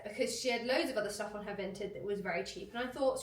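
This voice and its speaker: A woman's voice: fairly high pitch, fairly quick, hardly any pauses, fairly bright tone, recorded from a distance. A young woman vlogging casually at home, chatty and self-mocking, with a stuffy voice from a cold. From United Kingdom. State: nasal from a cold. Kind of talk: casual vlog chat. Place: home bedroom. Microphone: handheld camera.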